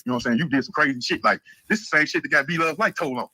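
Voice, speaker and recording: A man's voice: a little high, rough recording. A man telling profane stories in a casual live-stream chat. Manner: fast, profane storytelling, animated quoting.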